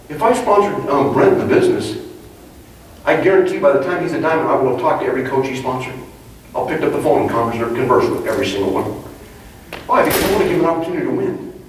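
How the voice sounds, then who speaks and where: A man's voice: a little high, animated, fast, pauses often, slight background noise. A man leading a live leadership training talk to an audience, emphatic and conversational, acting out little dialogues. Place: large meeting room before an audience. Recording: very echoey room, distant mic, faint ambience.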